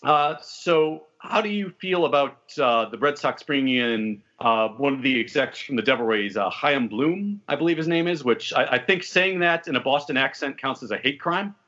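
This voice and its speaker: A man's voice: mid-range voice, animated, normal speed, hardly any pauses, pushed and bright. A man hosting a podcast in casual sports chat, wry and talkative with joking asides. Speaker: podcast host. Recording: dull lo-fi audio.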